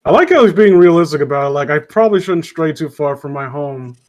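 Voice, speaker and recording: A chatty man hosting a relaxed read-aloud with friends, quick to poke fun at himself. His voice sits a bit high and he laughs often. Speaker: reader and host. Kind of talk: casual group read-aloud.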